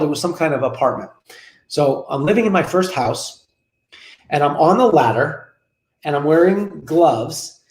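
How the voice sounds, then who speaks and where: A man in his forties, a business coach and guest on a web show interview, telling stories energetically and repeating phrases for emphasis from his office over a video call. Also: a little high. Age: 40s. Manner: energetic, repetitive, storytelling. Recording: roomy room echo.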